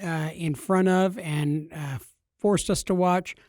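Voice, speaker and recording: A man with a fairly high voice co-hosts a casual podcast, joking and teasing as he talks. He sounds dry and close to the mic. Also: steady tone, slow, darkish tone, no room sound. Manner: jokey, teasing. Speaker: podcast co-host. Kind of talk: casual chat.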